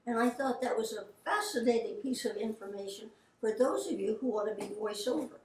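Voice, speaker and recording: A woman's voice: a little high, a little fast, a little mellow. Older woman telling stories, roomy and distant. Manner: chatty anecdotal, quotes people in her stories. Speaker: voice actress. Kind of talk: casual storytelling.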